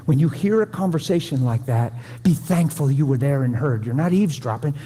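A man's voice: a little high, animated, fairly quick, mellow, slightly rough. A man preaching a sermon to a room, folksy and conversational, pleading with his listeners. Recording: long hall reverb.

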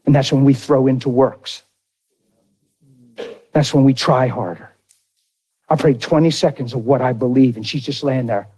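A middle-aged man preaching a sermon through an animated, folksy personal story. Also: mid-range voice, normal speed, long pauses, slightly rough. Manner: animated, folksy, drawls into dramatic retellings.

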